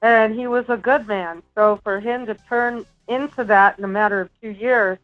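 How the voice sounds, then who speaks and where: A woman's voice: fairly high pitch, steady tone, moderate pace. Woman telling a story over lo-fi audio. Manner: earnest storytelling with small laughs. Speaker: guest. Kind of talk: casual interview talk. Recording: dull lo-fi remote audio with faint music.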